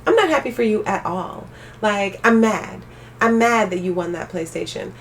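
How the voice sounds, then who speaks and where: A young woman live streaming, chatting casually with her viewers and ranting with animated energy. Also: medium pitch, normal speed, far from the mic, slight background noise. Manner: animated ranting, talks straight to chat.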